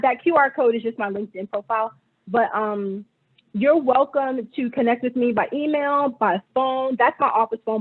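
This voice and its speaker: A woman presenter from a bank giving friendly, professional closing remarks on a webinar, a little halting. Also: mid-range voice. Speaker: bank vice president presenter. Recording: tinny phone-like call audio.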